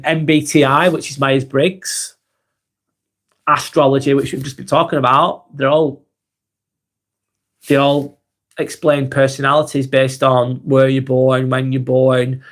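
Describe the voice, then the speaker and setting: A man in his forties with a Lancashire accent, hosting a calm live vlog and reading comments while he has a cold. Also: mid-range voice. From East Lancashire, England. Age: 40s. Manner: unhurried, reflective, musing aloud with tag questions.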